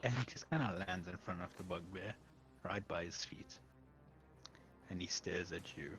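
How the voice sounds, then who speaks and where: A man narrating a tabletop game as game master, telling the action in a lively way and laughing often. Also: low voice, moderate pace.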